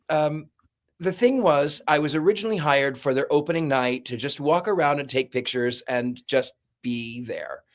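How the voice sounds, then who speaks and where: A man who works as a paranormal investigator and medium, telling lively stories in a casual podcast chat. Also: mid-range voice. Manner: animated storyteller, acts out voices and screams.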